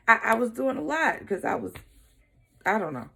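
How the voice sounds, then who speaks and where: A young woman speaks straight to her viewers in a deep voice with a lot of fry. She tells a personal story in casual talk, waving off side details as she goes. Her tone is frank and unpolished. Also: animated, fairly quick, a bit bright. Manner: casual, shrugging asides like "blah, blah" and "whatever". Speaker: vlogger.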